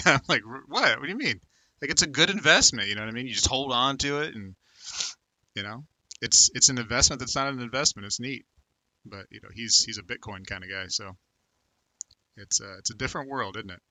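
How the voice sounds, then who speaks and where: Bright, dry-sounding rambling livestream host. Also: male voice, medium pitch, fairly quick, no room sound. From United States. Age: 30s. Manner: rambling, filler-heavy, talks to viewers by name. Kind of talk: casual live chat reading comments.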